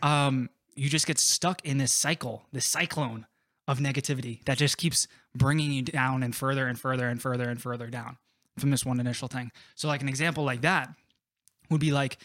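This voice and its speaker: A man co-hosts a casual recovery workshop, explaining with relaxed, run-on examples and plenty of "like". His voice sits in a middle pitch, recorded dry and close. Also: dry recording. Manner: relaxed, drawn-out explanations with many "like" fillers. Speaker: podcast co-host.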